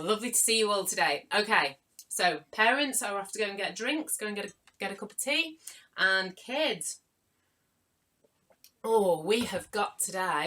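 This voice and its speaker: A young woman hosts a live children's writing workshop over a computer mic. She talks to the kids in a playful, animated way, gasping with delight and calling out viewers by name. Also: mid-range voice.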